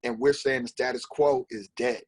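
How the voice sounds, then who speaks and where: A man on a discussion panel making a forceful, rhetorical point. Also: mid-range voice, fairly even intonation, moderate pace, slightly rough. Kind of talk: conversational panel talk.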